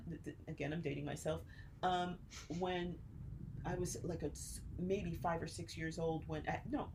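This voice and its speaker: A woman's voice: fairly low pitch, a little hiss or hum. A woman in her sixties from New Jersey, co-hosting a podcast and telling childhood stories with lots of laughter. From Newark, New Jersey. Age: 60s. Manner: animated storyteller, quick to laugh. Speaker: podcast co-host. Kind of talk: casual chat.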